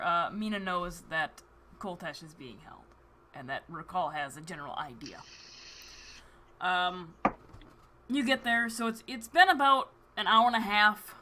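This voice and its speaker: A woman narrating as game master for a tabletop game, unhurried and halting, with frequent fillers. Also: mid-range voice, bright, forceful tone, a little hiss or hum.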